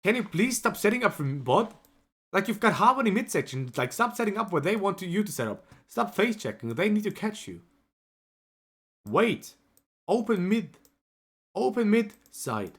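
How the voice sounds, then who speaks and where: A man reviewing a match as a coach on a live stream, emotional and animated, often tagging his points with "right?". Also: high-pitched, normal speed, breathy edge. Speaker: esports coach.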